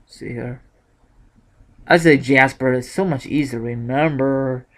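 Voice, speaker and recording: A man's voice: mid-range voice, steady tone, slow pace, long pauses. A young man in a casual vlog, thinking aloud with lots of ums and self-corrections. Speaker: YouTuber sharing bracket picks.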